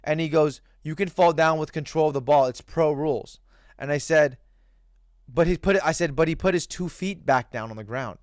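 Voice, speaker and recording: A man's voice: on the high side, normal speed, no echo, studio quality. A young man telling a heated, profane story about a pickup basketball game in a casual rant. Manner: heated, profane, animated retelling.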